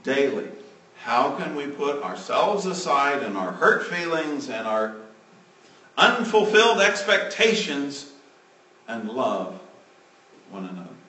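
A male preacher delivering a sermon, swinging between loud emphatic lines and hushed, trailing phrase endings. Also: mid-range voice, big pitch swings, slow pace, pauses often, recorded from a distance. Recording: roomy, from off the mic.

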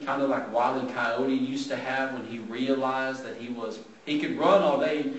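A man gives a conversational sermon, reading scripture aloud and explaining it. His mid-pitched voice comes from a distance and rings around a roomy church hall. Faint room noise sits underneath. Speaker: preacher. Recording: roomy sound from a distant mic.

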